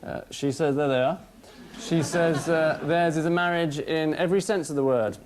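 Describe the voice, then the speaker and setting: A man hosting a TV panel quiz, delivering prepared jokes in a dry, deadpan way in a studio. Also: a little high, normal speed, a crowd in the background. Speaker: quiz show host. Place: TV studio with live audience. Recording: broadcast TV audio.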